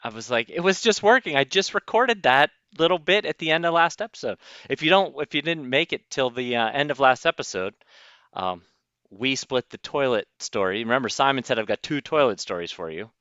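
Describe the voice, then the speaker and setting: A man with a bright, clear, forceful voice chats loosely and laughs often as a podcast co-host. His backup mic gives a dry, dull, lo-fi sound with no room echo. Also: medium pitch, brisk. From United States. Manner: laughs easily, relaxed and chatty. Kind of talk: casual chat. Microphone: backup mic, low fidelity.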